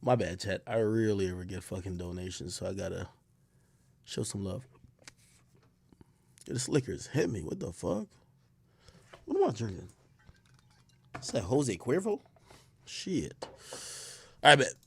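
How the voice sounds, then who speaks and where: A man's voice: on the low side, lively intonation, a little slow, gravelly, long pauses, breathy edge. A man streaming live, chatting loosely with his viewers and swearing freely. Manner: loose and profane, reacting to chat, swings loud and quiet. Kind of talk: casual livestream chat.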